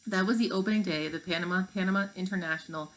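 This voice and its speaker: A woman voicing a brainy young girl who is an eager library know-it-all, speaking briskly and earnestly. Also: fairly low pitch, a bit bright, natural voice, poor audio.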